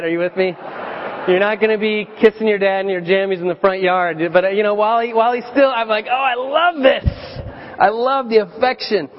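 A man in his thirties preaching a sermon as a pastor, chatty and storytelling, with animated voiced quotes. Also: high voice. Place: church sanctuary. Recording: dull church recording with long reverb.

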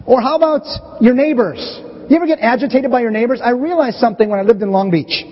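A middle-aged pastor delivers a sermon in a chatty, storytelling way. His voice sits very high for a man and has a husky edge. The recording is dull and muffled, and it rings with the long reverb of a large hall. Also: fast. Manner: conversational, animated storytelling preacher. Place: church sanctuary.

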